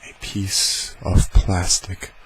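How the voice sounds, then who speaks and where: In a home room where a heater fan keeps running, an ASMR creator speaks slowly and softly in a deep voice, rambling playfully as he shows off various sounds. The recording is low quality, with the fan's hum audible throughout.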